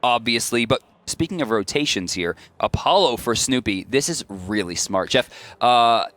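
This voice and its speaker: A young man calls an esports draft in a playful, teasing way and laughs easily. His voice sits at an ordinary middle pitch. It sounds close and dry, with no room around it. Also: animated, moderate pace, fairly bright tone, no room sound. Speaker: esports caster. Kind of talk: joking esports commentary.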